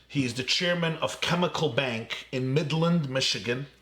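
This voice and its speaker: A man's voice: medium pitch, normal speed, a bit bright. A male rabbi telling a vivid story in a speech to college students, quoting the people in it.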